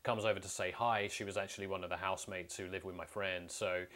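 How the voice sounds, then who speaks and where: A man's voice: low-pitched, level tone, fast, a bit bright. A man, telling personal stories to camera in a candid, blunt way and swearing freely. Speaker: vlogger. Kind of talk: casual storytelling to camera.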